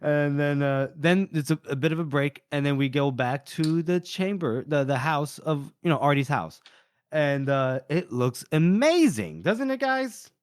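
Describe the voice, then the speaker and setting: A man chats on a book podcast and tells a story in a fairly high voice. He acts out the characters as he retells the scenes. The sound is dry and close. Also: expressive, a little slow, dry recording. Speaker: podcast co-host.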